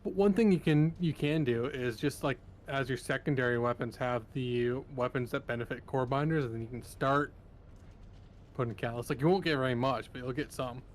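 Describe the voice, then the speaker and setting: A man in casual gameplay chat as a co-player, relaxed and offhand, with lots of "like". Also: mid-range voice, a little fast, a little hiss or hum. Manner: relaxed, offhand, uses "like" a lot.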